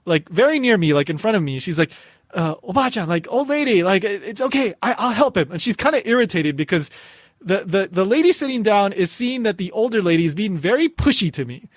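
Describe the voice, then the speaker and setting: A man with a higher-pitched voice tells a casual story on a podcast. He talks in an animated way, laughing often and stumbling over his phrases as he goes. The sound is dry and close, with no room echo. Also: brisk. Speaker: podcast host.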